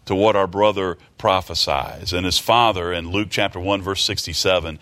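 A man's voice: low voice, normal speed, fairly bright tone. A man preaching a sermon, reading scripture aloud and asking the congregation rhetorical questions in a folksy way, often repeating words. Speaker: pastor.

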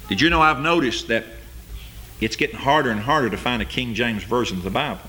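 A man preaching a sermon as pastor, building to loud emphatic peaks and then dropping to quiet asides. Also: medium pitch, fast.

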